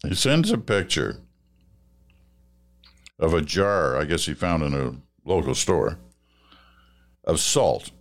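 An older man with a Canadian accent, hosting a podcast and reading listener letters aloud in a relaxed, musing way, chuckling often. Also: rumbling low, takes it slowly, long pauses. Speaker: podcast host.

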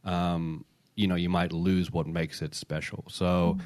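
Deep-voiced man explaining on a podcast. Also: flat delivery, a little slow, a little mellow, no echo. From Britain or Commonwealth, says niche the non-American way. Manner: explanatory, many fillers and restarts. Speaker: podcast co-host. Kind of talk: casual podcast chat.

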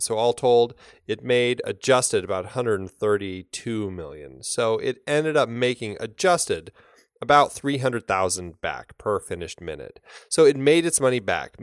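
A man's voice: on the low side, no room sound, studio quality. A man co-hosting a film podcast, talking casually and rambling, with many fillers and restarts. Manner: laughs easily. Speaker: podcast co-host.

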